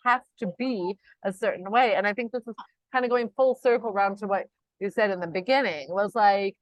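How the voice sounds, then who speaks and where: A woman's voice: medium pitch, a little fast, no room sound, rough recording. A woman hosting an interview, chatty and reflective, now and then swearing casually as she talks. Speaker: interview host and coach.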